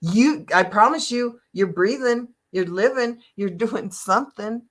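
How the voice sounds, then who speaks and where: An older woman hosting a live motivational talk, telling stories in an animated, emotional way and laughing often. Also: a little high, measured pace. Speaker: host.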